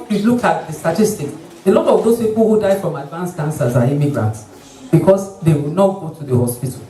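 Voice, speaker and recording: Nigerian doctor's talk from far off in a roomy hall. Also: mid-range voice. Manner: lively, mimics patients and doctors. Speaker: doctor, obstetrician. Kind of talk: community health talk.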